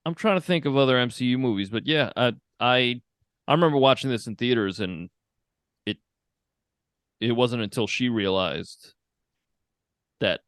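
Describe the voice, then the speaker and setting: A man's voice: medium pitch, moderate pace, pauses often, clear, resonant tone, dry recording, studio quality. A man co-hosting a podcast in a casual film discussion, laid-back, often laughing and acting out his reactions. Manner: relaxed, laughs often, acts out reactions in quotes. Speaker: podcast co-host. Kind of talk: casual movie chat.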